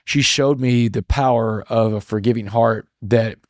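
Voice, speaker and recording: A man being interviewed as a podcast guest, telling a personal story in an earnest, reflective way with halting restarts. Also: medium pitch, fairly even intonation, no room sound, clean studio sound. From Texas.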